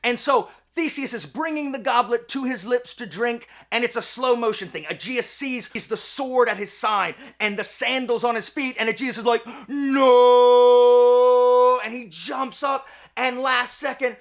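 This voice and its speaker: A man's voice: very high-pitched, normal speed, hardly any pauses, pushed and bright, soft background music. A man retelling a myth in a chatty, jokey way, with lots of fillers. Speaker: host and storyteller.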